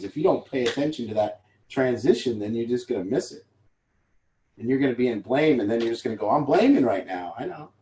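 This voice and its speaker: A man's voice: mid-range voice, mellow. A man leading a support group, talking candidly and rambling, with casual swearing. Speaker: recovery group leader. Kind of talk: informal talk to a support group. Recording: roomy echo.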